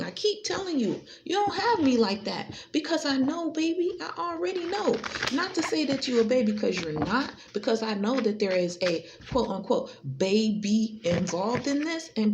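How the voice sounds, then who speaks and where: Gravelly, confrontational woman tarot vlogger. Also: very animated, moderate pace, few pauses, slight background noise. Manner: confrontational, repetitive, swings between high and low pitch. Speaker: tarot reader. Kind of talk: direct-to-camera tarot reading.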